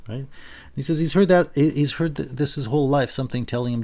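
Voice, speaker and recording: A male philosophy lecturer giving an unscripted university lecture, thinking aloud and paraphrasing a text in a lively quoting voice. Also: mid-range voice, fast talker. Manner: thinking aloud, with frequent restarts and fillers.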